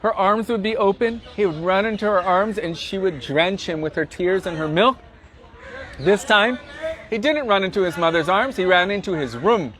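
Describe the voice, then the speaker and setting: High-voiced man telling devotional stories outdoors. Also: moderate pace. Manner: animated, dramatic storytelling. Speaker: pilgrimage guide and storyteller. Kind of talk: devotional storytelling on a pilgrimage tour. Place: outdoors at a riverside site.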